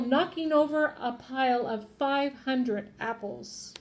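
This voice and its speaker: This storybook read-aloud comes from a woman teacher with a high voice who takes her time and pauses little. She acts out each character expressively and asks her young listeners questions along the way.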